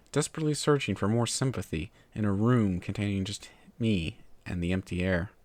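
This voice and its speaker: A man narrating a fan fiction story in a steady, measured way. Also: fairly low pitch, no echo. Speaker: story reader.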